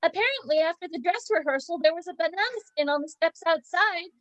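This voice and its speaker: A woman playing a meek, very high-voiced helper. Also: fast, fairly bright tone, dull audio. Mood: flustered. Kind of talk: amateur play reading.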